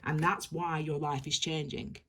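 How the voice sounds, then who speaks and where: A woman's voice: low-pitched, flat delivery, a little slow, fairly bright tone, a little hiss or hum. A woman giving a tarot reading, rambling and repeating herself as she gushes reassurance at her viewers. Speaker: tarot reader.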